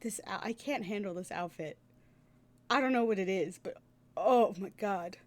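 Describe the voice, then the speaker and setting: A woman streamer chatting casually over a game, with excitable, gushing asides. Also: medium pitch, moderate pace.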